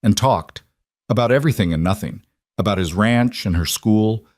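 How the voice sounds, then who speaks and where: Male narrator, low voice, dry close mic; calm, measured scripted story reading. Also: dry recording.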